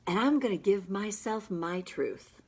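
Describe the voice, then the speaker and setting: A woman practitioner guiding listeners through a tapping session with slow, emphatic affirmations. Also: medium pitch, lively intonation, darkish tone, breathy edge.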